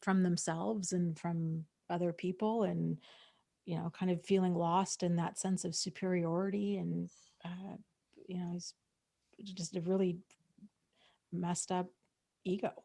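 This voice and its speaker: A woman's voice: on the low side, little pitch movement, measured pace, gravelly, long pauses, warm tone, dry recording, clean studio sound. A woman co-hosting a live Q&A, speaking supportively and hesitantly with many fillers. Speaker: co-host. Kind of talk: live Q&A chat.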